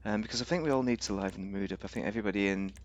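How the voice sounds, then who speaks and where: A man's voice: fairly low pitch, very fast. A man giving rambling, casual commentary on a game, thinking aloud with fillers and restarts. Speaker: game reviewer.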